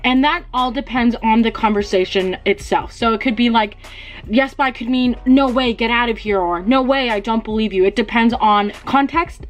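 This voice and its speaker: A young woman with a somewhat high voice chats her way through a home beauty tutorial. She laughs at herself and swears casually, keeping it loose and relaxed. Faint music plays softly behind her. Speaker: beauty vlogger. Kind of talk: casual DIY tutorial chat.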